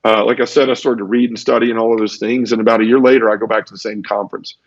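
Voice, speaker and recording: In rapid-fire delivery with fairly even intonation and a fairly low pitch, he continues his heartfelt conversion testimony. He keeps repeating words and voicing the people he quotes over muffled lo-fi audio.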